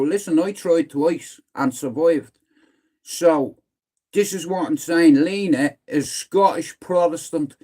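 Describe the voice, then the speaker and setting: A man's voice: a little high, mellow. A middle-aged man with a Dublin Irish accent, hosting a livestream in a blunt, rambling, sweary way. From Ireland. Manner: rambling, blunt and sweary, repeatedly saying "listen". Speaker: livestream host. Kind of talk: casual livestream chat.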